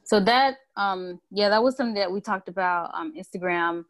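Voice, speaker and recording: A woman hosting a podcast interview, speaking in a measured, encouraging way with frequent fillers. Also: medium pitch. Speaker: podcast host. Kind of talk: casual interview conversation.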